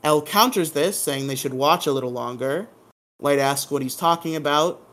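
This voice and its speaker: A man's voice: a little high, normal speed, a bit bright. A man hosting a podcast, recapping a TV episode in a casual, joking, irreverent way. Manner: joking, irreverent, hums silly sound effects. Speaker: podcast host.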